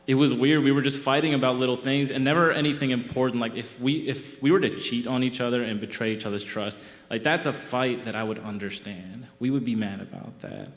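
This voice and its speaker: A man's voice: mid-range voice, fairly even intonation, a little fast, few pauses. Young man telling a wry story in a reverberant theatre. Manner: wry, conversational, self-mocking delivery. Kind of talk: live comic personal storytelling. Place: theatre stage.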